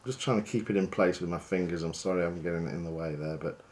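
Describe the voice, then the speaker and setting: A fishing guide talks through tying a fly, chatty and easygoing. He pokes fun at himself as he goes. His voice sits fairly low. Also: quick pace. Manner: chatty, relaxed, self-deprecating.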